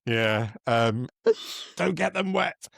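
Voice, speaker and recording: Chatting casually about politics, a male podcast co-host mocks and swears his way through his stories. His medium-pitched voice is creaky and a bit bright, with lively intonation and a slow pace, and there's no echo.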